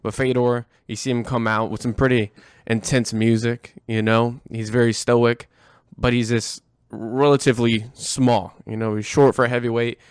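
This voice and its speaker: Chatty coach with a crisp, dry voice. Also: male voice, mid-range voice, flat delivery, moderate pace, few pauses, no echo. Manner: enthusiastic, chatty, many fillers. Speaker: martial arts coach. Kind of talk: casual conversation.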